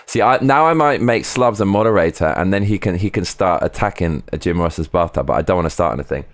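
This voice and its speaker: A man hosting a casual live stream, chatting loosely and reading viewer comments aloud between tangents. His voice sits a bit low, he swears freely, and the sound is dry and close to the mic. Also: expressive, quick pace, no echo.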